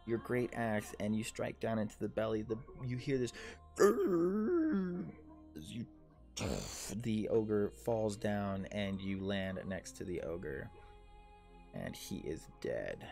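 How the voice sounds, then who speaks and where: A man's voice: fairly low pitch, a little slow, vocal fry, darkish tone, faint music behind. A man in his thirties running a tabletop game as dungeon master, narrating combat vividly and with energy. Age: 30s.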